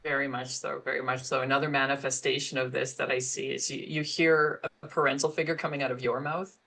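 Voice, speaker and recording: Measured woman guest giving parenting advice. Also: rumbling low, little pitch movement, creaky, fairly bright tone. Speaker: podcast guest, parenting coach. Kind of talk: casual podcast interview.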